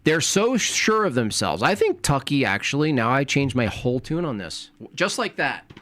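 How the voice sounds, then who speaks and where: Sarcastic man reacting to a clip, lively pitch, dry sound. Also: normal speed, dry recording. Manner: sarcastic, rambling asides. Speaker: streamer reacting to a video. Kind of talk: casual reaction commentary.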